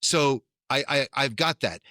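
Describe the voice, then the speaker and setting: A man's voice: mid-range voice, a little slow, bright, forceful tone, dry recording, clean studio sound. A man hosting a podcast, talking in a casual, rambling conversational way. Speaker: podcast host. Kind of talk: casual interview chat.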